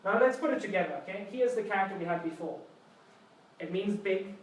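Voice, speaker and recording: A man's voice: high-pitched, brisk. A man giving a live seminar, explaining through playful mnemonic stories and quizzing the audience. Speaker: seminar presenter. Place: university seminar room. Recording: echoey lecture room from far off, faint noise.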